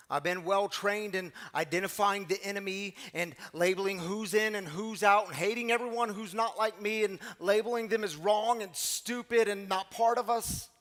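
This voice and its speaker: A middle-aged man, a pastor, giving an earnest, confessional sermon that swings from hushed to emphatic, often repeating words. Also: high-pitched. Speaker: pastor of a recovery community. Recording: long hall reverb, faint music behind.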